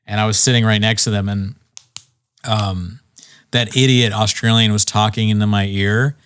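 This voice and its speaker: A man's voice: fairly low pitch, fairly even intonation, moderate pace, fairly bright tone, smooth, dry recording. A man hosting a comedy podcast, telling a story in a laid-back way, swearing casually and laughing along.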